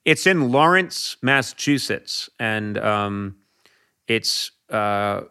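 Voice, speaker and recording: A man chatting casually as a guest, telling lively anecdotes. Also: on the low side, slow pace, clear, resonant tone. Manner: animated storyteller, slips into Irish voices for laughs. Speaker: talk show host, guest.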